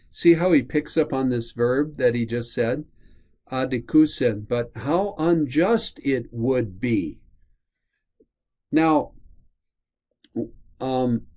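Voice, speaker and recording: A man's voice: medium pitch, darkish tone. A man teaching a recorded lesson, walking through a passage and checking in with his students as he goes. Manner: explanatory, checks in with "right?" and "okay?"; slows down to sound out terms.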